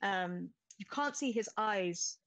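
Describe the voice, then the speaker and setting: A woman's voice: mid-range voice, lively intonation, slow pace, fairly bright tone, no room sound, rough recording. A woman narrating a tabletop game as game master, describing scenes at length with many restarts.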